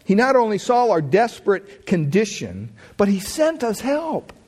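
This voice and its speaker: A man preaching a sermon, asking his listeners questions and swinging his pitch up and down to drive points home. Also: big pitch swings, unhurried, a little mellow, breathy edge. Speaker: pastor.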